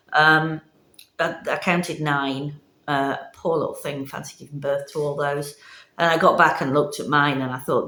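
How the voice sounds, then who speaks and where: Chatty woman, lowish voice. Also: a bit bright. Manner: chatty and rambling, with many fillers. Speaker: vlogger. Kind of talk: casual vlog chat.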